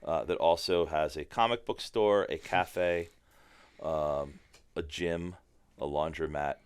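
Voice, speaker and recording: A man chatting as a firearms trainer guest on a podcast, telling animated, profane stories. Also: rumbling low, takes it slowly, clear, resonant tone. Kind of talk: casual podcast chat.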